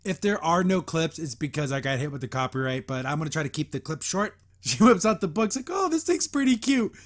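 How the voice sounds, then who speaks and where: A man's voice: a little high, a little fast, a bit bright. A man hosting a casual episode review, rambling with plenty of fillers and frequent chuckles as he recaps. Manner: chuckles often while recapping. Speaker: host.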